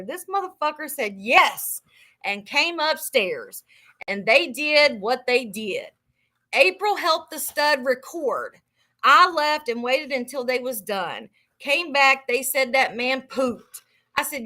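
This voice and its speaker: A woman hosting a live book club, reading a memoir aloud in a casual, profane way and reacting loudly between passages. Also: high voice, animated, slow.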